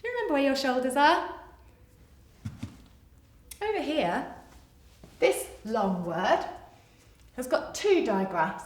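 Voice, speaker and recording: Pausing often and speaking slowly, this woman has a high-pitched voice. She is a primary teacher who performs a picture book in lively sing-song fashion before gently urging small children along in a phonics lesson. The recording carries an echo.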